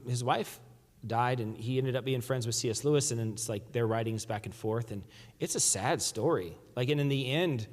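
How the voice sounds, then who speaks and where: Conversational pastor preaching in a reverberant hall. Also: male voice, medium pitch, normal speed, a little hiss or hum. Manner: conversational preaching with frequent restarts. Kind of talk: sermon. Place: church sanctuary.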